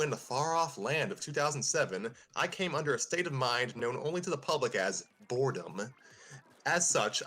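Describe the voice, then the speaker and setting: A man's voice: mid-range voice, fairly bright tone. A man hosting a show, casually reading a fan-fiction story aloud and chuckling at the text now and then. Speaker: host and narrator.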